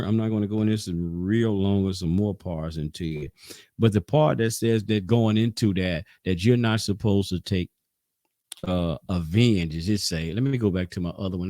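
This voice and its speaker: A man's voice: deep voice, darkish tone, no room sound, clean studio sound. A man leading an informal Sabbath Bible class, talking loosely and conversationally, pushing hard on key points and stumbling through restarts. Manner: loose and conversational, rising and falling in emphasis, with frequent restarts.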